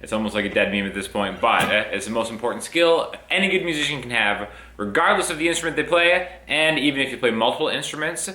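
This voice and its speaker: A young man gives a laid-back, upbeat guitar lesson, counting the beats aloud as he plays. His medium-pitched voice is fast and sharp with few pauses, and the recording sounds roomy, with the guitar audible.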